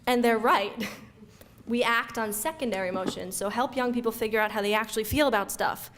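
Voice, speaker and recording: A woman giving an energetic, conversational talk to an audience, acting out everyday reactions as she goes. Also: fairly high pitch, fairly quick, slight background noise. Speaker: speaker giving a talk on youth mental health. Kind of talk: lively lecture to an audience. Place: event room before an audience.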